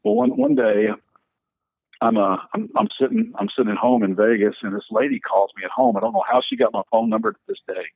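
A pastor and church planter speaks a little fast in a high-sitting voice with vocal fry and a breathy edge. Interviewed on a podcast, he tells animated stories with lots of fillers and restarts, over a dry, tinny, phone-like line with no echo.

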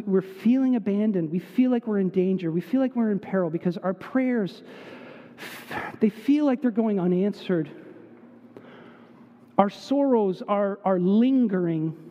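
A man with a high voice preaches an impassioned sermon in a church, his tone swinging between hushed and raised. The sound is dull, with a long reverb trailing off each phrase. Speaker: pastor.

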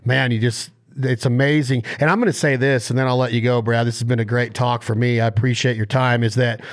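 A man hosts a podcast in casual chat. He speaks in a folksy, heartfelt way and tends to circle back and repeat himself. His voice sits at an ordinary middle pitch. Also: level tone, a little fast. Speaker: podcast host.

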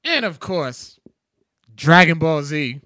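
A man in his thirties, co-hosting a podcast in a casual chat, telling excitable, slangy stories. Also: on the high side, slow, dry recording, clean studio sound. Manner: animated storyteller, slangy and excitable. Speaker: podcast co-host.

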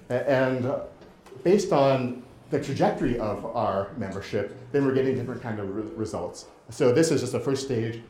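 A man giving a lecture and running an interactive game demo, talking in a halting way with many restarts. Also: medium pitch, darkish tone, reverberant, slight background noise. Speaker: presenter.

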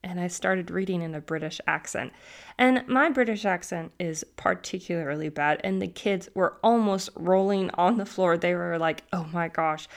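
A woman's voice: on the low side, normal speed, gravelly. A woman who teaches, hosting an educational podcast in an upbeat, chatty way and laughing easily as she tells stories.

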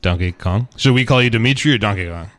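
A man's voice: on the low side, quick pace, fairly bright tone. A man co-hosting a comedy radio show, joking around in goofy, playful banter. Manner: playful, goofy back-and-forth. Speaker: radio DJ co-host.

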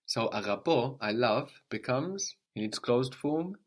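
A man's voice: medium pitch, animated, measured pace. A man teaching a language lesson, patiently prompting a learner and repeating and confirming each answer.

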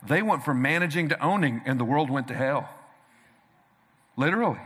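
A man with a high, bright, forceful voice preaches energetically to a congregation, punching his lines and calling for responses. His voice rings out through a large church hall with a long reverb. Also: expressive, moderate pace, slightly rough. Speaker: pastor. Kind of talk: sermon.

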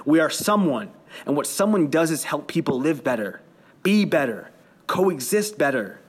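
A man's voice: fairly high pitch, very animated, normal speed, slightly rough. A man reading the part of a fiery male sales boss who rallies his team in a preachy, profane way.

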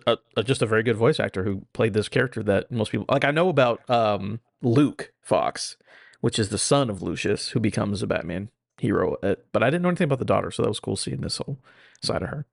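A man in a casual podcast chat, relaxed and hesitant, with many fillers. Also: fairly low pitch, fairly quick, vocal fry, dry recording, studio quality. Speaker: podcast co-host.

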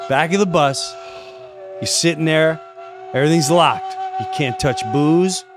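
Animated middle-aged man telling stories. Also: fairly high pitch, measured pace, background noise. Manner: acts out quoted voices, swearing, laughing. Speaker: podcast guest. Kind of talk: animated storytelling.

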